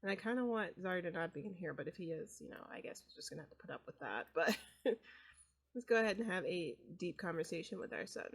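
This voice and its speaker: A woman's voice: lowish voice, expressive, fast, husky. Chatty woman narrating gameplay. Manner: chatty, frequent fillers.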